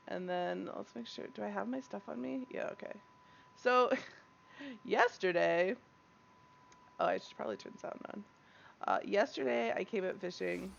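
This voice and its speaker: Congested, gravelly woman streamer. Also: medium pitch, muffled recording. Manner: chatty, rambling, losing her train of thought. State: stuffed up, congested. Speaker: game streamer. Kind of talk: live gameplay stream chat.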